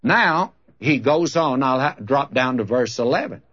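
Guy preaching a sermon, tells stories, animated up-and-down delivery, kinda husky. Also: mid-range voice, measured pace. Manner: storytelling, acts out both sides of a conversation; reads scripture aloud. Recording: dull lo-fi recording.

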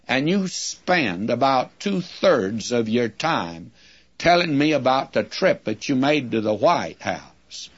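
A man preaching a sermon-style Bible lesson, measured and explanatory, calling his listeners friends. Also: mid-range voice, very animated, breathy edge. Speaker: Bible teacher. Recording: dull lo-fi recording.

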